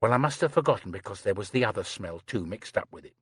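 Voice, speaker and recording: A man's voice: on the low side, animated, fast, husky, no room sound, studio quality, pitched below the performer's own voice. A man voicing a chatty, prim young housemaid who rattles on breathlessly, saying "sir" constantly. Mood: flustered. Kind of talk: audiobook character reading.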